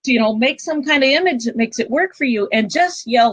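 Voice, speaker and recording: A middle-aged woman with a fairly high voice tells a personal story as a guest, bringing it to life by acting out what people said and now and then breaking into loud bursts. Her voice sounds close and dry, with no room around it. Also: a little fast, hardly any pauses, husky, no room sound. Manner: animated, acts out quoted speech with sudden loud outbursts. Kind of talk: conversational storytelling. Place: travel trailer.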